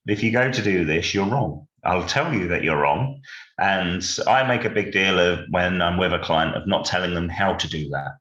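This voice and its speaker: Male dog trainer, very low voice, measured explainer; echoey room. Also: lively intonation, a bit bright, lo-fi sound. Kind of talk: casual podcast chat.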